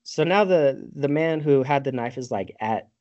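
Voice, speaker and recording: A man's voice: mid-range voice, expressive, moderate pace, darkish tone, muffled recording. A man hosting a podcast, casually recapping a movie in a rambling, profane way and laughing often, recorded over a video call. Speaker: podcast host.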